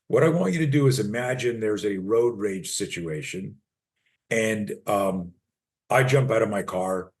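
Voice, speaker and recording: A man in his sixties with a low-pitched voice, speaking as a personal defense coach in an interview. He is blunt and emphatic, swears freely, and acts out short confrontation scenes to make his points. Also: a little mellow. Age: 60s. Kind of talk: interview, animated teaching with role-play demos.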